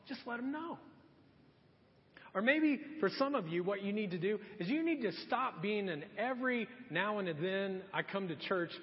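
A man's voice: high voice, lively intonation, moderate pace. A middle-aged man preaching a sermon, earnest and exhorting, repeating his key questions. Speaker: pastor. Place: church sanctuary. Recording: dull sound with long church reverb.

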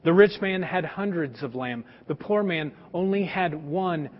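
A man preaching, voicing a solemn older prophet in a low, hushed, measured voice. Long hall reverb, dull lo-fi sound.

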